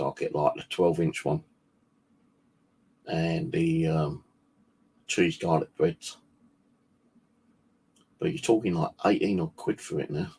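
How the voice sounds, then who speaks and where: Deep husky man, rambling chat. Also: darkish tone. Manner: rambling, swears freely, loose and chatty. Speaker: paranormal channel host. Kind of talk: casual livestream chat.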